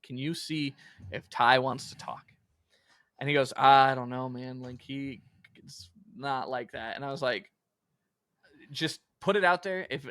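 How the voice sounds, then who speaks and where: Bright-voiced young man telling stories. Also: mid-range voice, no echo, studio quality. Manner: laid-back, quotes himself often with "like". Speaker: podcast co-host. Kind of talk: casual storytelling chat.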